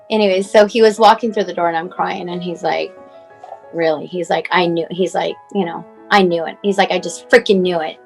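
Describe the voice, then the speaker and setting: A woman's voice: lowish voice, rough recording. Woman in her forties, rambling personal account. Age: 40s. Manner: rambling, heavy use of "like" and "you know". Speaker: mother telling her son's story as a guest. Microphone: clip-on mic.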